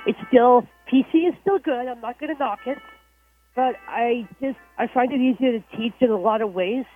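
A woman's voice: fairly high pitch, normal speed, slightly rough, soft background music. A woman calling a radio show, chatty and jokey, who often restarts her sentences. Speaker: caller. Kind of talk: casual call-in chat. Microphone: telephone. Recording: tinny phone line, dry.

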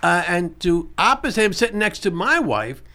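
A male radio talk show host with a bright, forceful edge and a high, very lively voice. He chats casually, repeats himself for emphasis and spells out details slowly for callers. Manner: lively, repeats key points, slows down to spell out numbers.

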